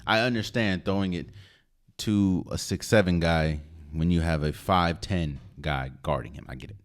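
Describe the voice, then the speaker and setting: A man hosting a solo sports podcast, giving opinionated, emphatic commentary with sudden loud rises and quiet asides. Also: low-pitched, moderate pace. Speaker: podcast host.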